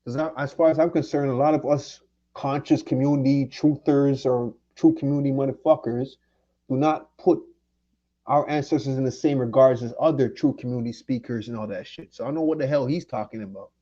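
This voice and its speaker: Speaking fairly quickly in a dark, mid-range voice with fairly even intonation, a man from Jamaica curses and lashes out at someone during a livestream. The audio is lo-fi, and his tone is angry and confrontational throughout this heated rant.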